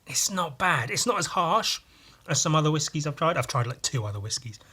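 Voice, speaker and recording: A man hosting a podcast by himself speaks fairly quickly in a slightly high, animated, husky voice that's pushed and bright. He wanders from point to point, swearing openly and interrupting his own sentences.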